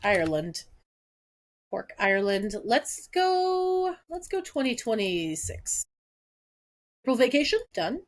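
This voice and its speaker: A young adult woman co-hosts a podcast, chatting casually and telling animated stories in which she acts out the quoted dialogue with lively energy. Her voice sits on the high side, and she speaks slowly with long pauses.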